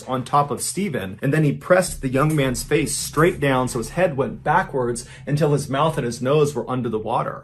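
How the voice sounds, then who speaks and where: A man narrating a true crime story in a measured, grave storytelling manner, acting out the quoted lines. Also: mid-range voice, a little hiss or hum.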